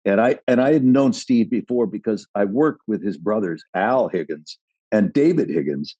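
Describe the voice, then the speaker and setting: Warm, husky-voiced man telling a story. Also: on the low side, normal speed, dry recording, highs cut off. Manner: rambling, animated, restarts. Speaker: podcast guest, actor. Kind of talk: casual chat, storytelling.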